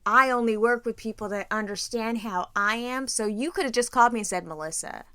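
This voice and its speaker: A woman co-hosting a podcast in casual chat, animated and blunt, laughing and swearing freely. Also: a little high, brisk. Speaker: podcast co-host.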